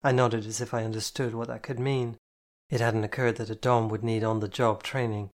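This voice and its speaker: A man's voice: mid-range voice, little pitch movement, fairly quick. Man narrating an audiobook. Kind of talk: first-person novel reading.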